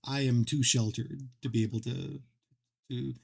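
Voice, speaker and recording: A man chatting casually while he streams a game. His pitch sits squarely mid-range, and he rambles through stories, stumbling over his words and laughing at himself. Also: fairly even intonation, moderate pace, gravelly, breathy edge. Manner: rambling, self-deprecating storyteller with many restarts. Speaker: livestream host.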